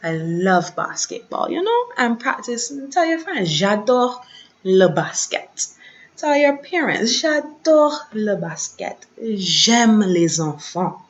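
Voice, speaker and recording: A woman's voice: medium pitch, big pitch swings, slow. A woman teaching a French lesson, patiently repeating each conjugation and encouraging her students to practise. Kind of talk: slow classroom lesson, repeating drills. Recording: dull lo-fi sound.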